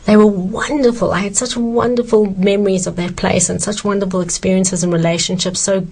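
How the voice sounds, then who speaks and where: A woman's voice: mid-range voice, steady tone, brisk, a little mellow, breathy edge. A woman voicing a cheerful old woman who arrives in a new town, glowing and grateful.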